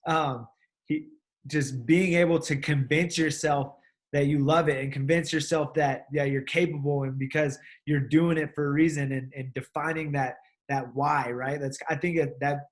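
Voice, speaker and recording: A male wrestling coach speaks in a relaxed, conversational way, often stopping and restarting his sentences. His voice sits a bit higher than usual for a man. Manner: halting, many restarts. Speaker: wrestling coach, podcast co-host. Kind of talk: casual chat.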